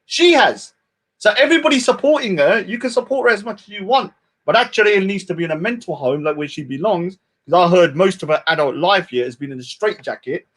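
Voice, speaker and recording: A man's voice: fairly high pitch, fairly bright tone, breathy edge. A man who hosts a live stream, ranting in a scornful tone and tagging many lines with "yeah?". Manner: scornful, repeats "yeah?" often. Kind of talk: heated live-stream rant.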